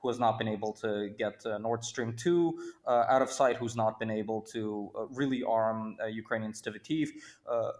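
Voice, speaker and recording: A man from Brooklyn, New York, giving commentary as a panel guest, with a halting delivery full of restarts that turns emphatic on key points. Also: fairly low pitch, a little mellow.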